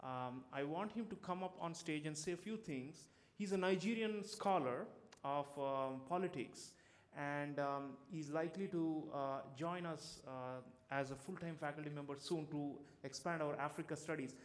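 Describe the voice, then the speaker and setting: A man's voice: on the high side, moderate pace. Hesitant conference moderator, man. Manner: hesitant, many ums and uhs.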